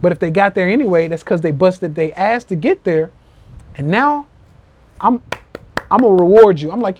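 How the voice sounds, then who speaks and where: A man's voice: high voice, lively intonation, normal speed, darkish tone, slightly rough. A man hosting a live social media rant podcast, talking in an emphatic, profane and repetitive way, acting out quotes with animation. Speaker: podcast host. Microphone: phone.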